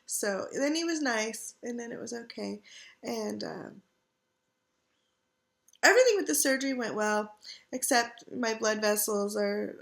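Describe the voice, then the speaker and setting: A woman's voice: on the high side, vocal fry. A middle-aged woman chatting casually from her couch at home, sore and tired while recovering from surgery, rambling with lots of fillers. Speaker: vlogger. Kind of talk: casual chat.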